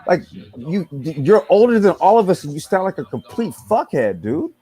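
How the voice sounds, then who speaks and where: A man's voice: high-pitched, big pitch swings, normal speed, mellow, slightly rough. A man hosting a casual podcast chat, ranting with exasperation and a lot of profanity. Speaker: podcast host.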